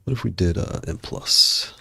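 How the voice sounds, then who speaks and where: A man's voice: moderate pace, sharp tone. A man hosting a casual livestream, out of breath and chatting in a rambling way while he browses. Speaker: livestream host.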